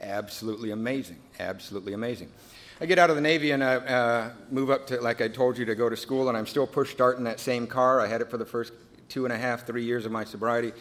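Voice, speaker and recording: This man talks fast in a mid-range voice while sharing how he recovered, addressing a meeting. Lively in the telling, he mimics other people's voices, but grows hushed and serious whenever he looks back on things.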